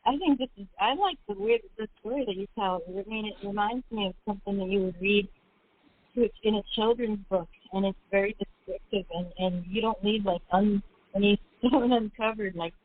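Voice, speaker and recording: A woman's voice: mid-range voice, slight background noise. A woman co-hosting an online poetry radio show, chatting and giving friendly praise. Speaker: co-host. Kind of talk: casual radio chat. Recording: tinny phone line.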